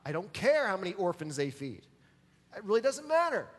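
A man's voice: high voice, very animated, a little fast, in a large hall. A man preaching a sermon as pastor, emphatic and pressing his listeners to answer back. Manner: emphatic, calls for audience response.

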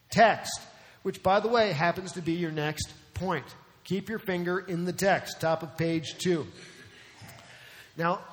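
A man's voice: high-pitched, fairly bright tone, big-room sound. A man preaching a sermon as pastor, emphatic and conversational, asking the crowd rhetorical questions.

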